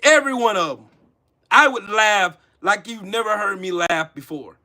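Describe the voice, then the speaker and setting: Speaking at a moderate pace in a high, bright, forceful voice, a man hosting a political commentary livestream launches into a casual rant. He's profane and mocking, and he addresses viewers in his chat by name.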